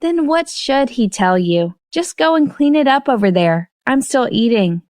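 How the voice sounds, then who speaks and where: A woman voicing a young mother who scolds briskly in a raised voice. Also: high-pitched, expressive, darkish tone, no room sound, clean studio sound, pitched above the performer's own voice. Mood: teasing.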